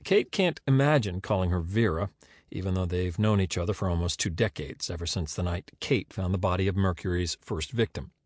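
A man narrating a novel in a measured storytelling delivery. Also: sits low, darkish tone, dry recording, clean studio sound. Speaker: audiobook narrator. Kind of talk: scripted narration.

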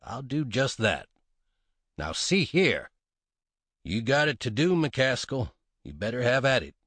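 A man's voice: medium pitch, very animated, unhurried, fairly bright tone, breathy edge, no echo, full character voice. Man doing a drawling, sly gunman. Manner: drawling, dry, cocky. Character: laconic sly frontier gunman, male adult.

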